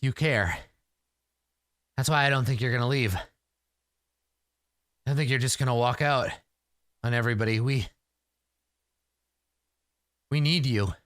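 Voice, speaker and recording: A man's voice: medium pitch, measured pace, pauses often, fairly bright tone, no room sound, studio quality, natural voice. A man voicing a desperate young male warrior who pleads and stammers urgently. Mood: pleading.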